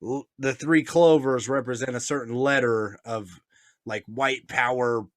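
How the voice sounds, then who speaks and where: A man's voice: medium pitch, steady tone, measured pace, dry recording, clean studio sound. A man telling stories in casual chat, swearing often, laughing, and acting out what others said. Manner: profane, laughing, acts out voices in stories. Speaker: podcast co-host.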